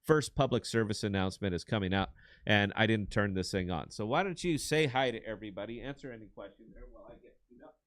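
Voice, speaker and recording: A man's voice: on the low side, fast, a bit bright, no echo, clean studio sound. A man in his fifties co-hosting a casual live show, rambling and telling corny dad jokes. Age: 50s. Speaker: podcast co-host.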